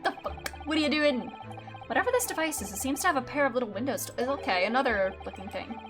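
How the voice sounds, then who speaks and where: A woman's voice: high voice, lively intonation, fast talker. A woman streamer chatting casually and reacting aloud while playing a video game. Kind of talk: casual gameplay commentary. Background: game music.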